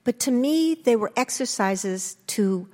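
An older woman, an interview guest, telling her story candidly and acting out remembered lines with lively restarts. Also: unhurried, in a large hall. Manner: animated, restarts, acts out quotes with rising pitch.

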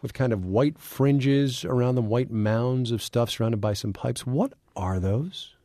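A man hosting a radio interview, asking relaxed, conversational questions with a few hesitations. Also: mid-range voice, unhurried, dry recording, studio quality. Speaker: radio show host. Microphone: studio mic.

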